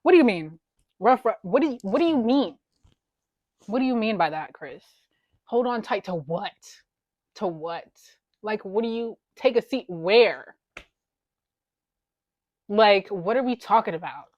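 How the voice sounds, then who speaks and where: A woman hosting a casual music video reaction, excitable and teasing, exclaiming often. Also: medium pitch, measured pace, pauses often, no echo, muffled recording. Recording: faint music in background. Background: music video playing faintly.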